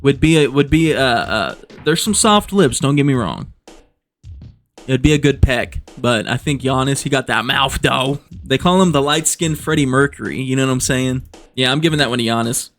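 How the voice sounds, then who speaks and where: A man's voice: medium pitch, expressive, normal speed, soft background music. A man doing joking casual commentary as a vlogger, rambling, profane and amused at himself.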